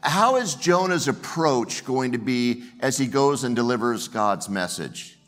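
A man's voice: mid-range voice, lively intonation, measured pace, a bit bright. A man preaching a sermon as pastor, earnest and storytelling, often repeating the first word of a phrase.

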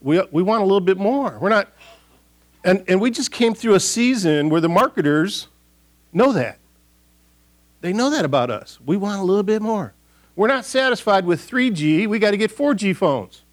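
A man's voice: high-pitched, lively intonation, normal speed. A middle-aged man serving as pastor, giving a casual, folksy sermon and prayer in church, rambling with frequent restarts and fillers. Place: church sanctuary.

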